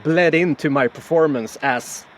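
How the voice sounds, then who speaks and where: A man's voice: on the high side, unhurried. A man, a voice actor, telling stories in a casual interview over a video call, with lots of restarts and laughter. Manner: animated storyteller, many restarts and laughs. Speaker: voice actor guest.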